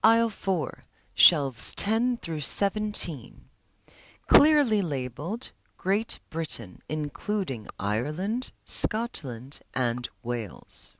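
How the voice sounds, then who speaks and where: A woman's voice: rumbling low, animated, measured pace, hardly any pauses, no echo, voice pushed down. A woman reading the part of a stern female librarian in clipped, terse replies, recorded close and dry. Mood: curt.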